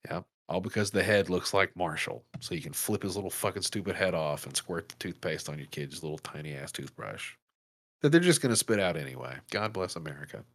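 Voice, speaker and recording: Animated, profane man in his thirties. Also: low-pitched, a little fast. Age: 30s. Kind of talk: casual comedic chat.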